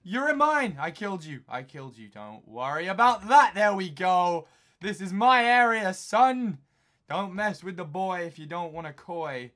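A young man from England giving jokey, excitable commentary while playing a video game, talking to himself and breaking into sudden shouts. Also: high voice, moderate pace. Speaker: gaming YouTuber.

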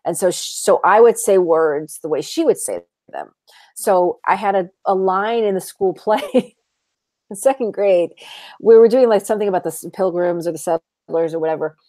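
Animated woman telling stories, dry sound. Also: medium pitch, normal speed, no echo. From Iraq. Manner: animated storyteller, laughs often, mimics voices. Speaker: guest author. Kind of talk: casual podcast chat.

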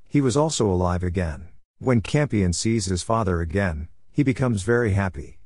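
Low-voiced man narrating a recap. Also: a little mellow, no room sound, clean studio sound. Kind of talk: scripted plot narration.

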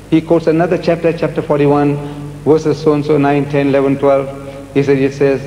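Man, lecturer, emphatic and repetitive, fairly high voice, faint background hiss. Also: monotone, a little fast, dark tone. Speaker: lecturer answering audience questions. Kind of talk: public lecture Q&A. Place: large lecture hall. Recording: echoey archive hall recording, faint hiss.

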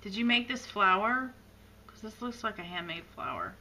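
A tearful woman opens a gift box on camera in a casual unboxing chat, gushing in awe and often dropping almost to a whisper. Her medium-pitched voice is very animated, pushed and bright, at a moderate pace, with a noisy room in the background.

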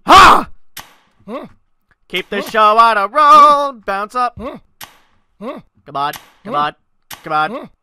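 A gaming channel host giving let's-play commentary, excitable, yelling and swearing at the game. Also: mid-range voice, slow pace, long pauses, clear, resonant tone.

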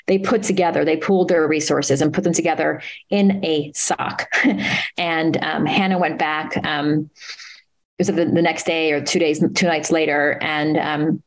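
A woman guest at a live talk, earnestly retelling a story with many pauses and restarts. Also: low-pitched, fairly even intonation, poor audio. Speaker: author and interview guest.

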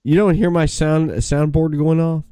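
A man's voice: fairly high pitch, little pitch movement, unhurried, warm tone, clear, resonant tone, no echo. A man hosting a casual chat show, laughing often and swearing offhandedly. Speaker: talk show host.

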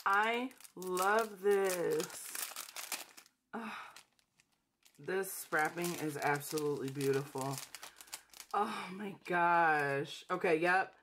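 Young woman gushing over an unboxing, slow easy talk, calls everyone sis and y'all. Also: low-pitched, a bit bright, slight background noise. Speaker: budgeting channel host. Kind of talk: casual unboxing vlog.

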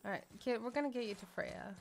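A woman streamer giving loud, excitable let's play commentary, swearing often as she plays. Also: fairly high pitch, quick pace, creaky, heavy background noise. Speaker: gaming streamer.

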